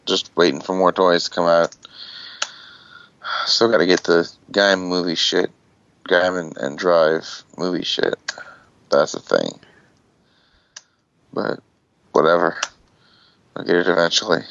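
Host, guy with a gravelly lowish voice, rambling storyteller, swears, muffled lo-fi call audio. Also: unhurried, pauses often, a bit bright, no room sound. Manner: rambling, swears casually, acts out quotes. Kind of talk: casual storytelling on an online call.

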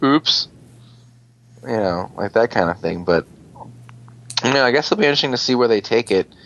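A man's voice: expressive, fast, vocal fry. A man casually recapping a show episode, rambling, swearing and acting out characters' lines. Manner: rambling, swears, acts out quotes in higher voices. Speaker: podcast host recapping an episode. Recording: dull lo-fi sound.

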